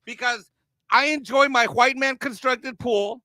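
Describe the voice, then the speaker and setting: Brash, sarcastic high-voiced man. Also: measured pace, sharp tone, dry recording. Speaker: co-host. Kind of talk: casual political chat. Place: home near a golf course.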